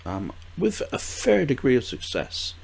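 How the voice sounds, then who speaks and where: A man's voice: mid-range voice, huge pitch swings, measured pace, creaky, a little hiss or hum. An older man from the UK rambling casually through a gardening vlog, with frequent fillers, restarts and small chuckles. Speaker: gardening vlogger.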